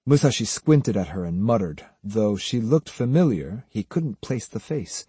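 A man reading a novel aloud as audiobook narrator, in a measured, even way, close to the mic. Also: on the low side, slightly rough, no echo. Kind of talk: scripted narration.

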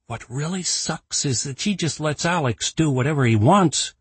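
A man's voice: on the high side, expressive, moderate pace, husky, dry recording, pitched above the performer's own voice. A man voicing a sullen, resentful teenage schoolboy who talks in a dry, grumbling way.

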